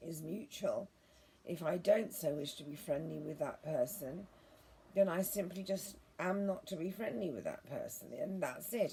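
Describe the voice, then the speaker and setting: A woman talking to her viewers in a gentle, earnest, meandering way, restarting her sentences often. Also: low voice, creaky, a little hiss or hum. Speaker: vlogger. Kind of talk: rambling monologue to viewers.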